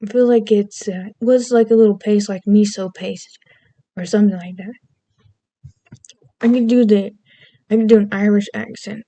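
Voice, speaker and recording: A young woman rambles in a goofy, self-deprecating vlog chat that wanders from topic to topic. Her voice is mellow and soft-edged, at a middle pitch. She is recorded close up on a dry, unechoing mic. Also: steady tone, moderate pace, pauses often, no room sound. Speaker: vlogger.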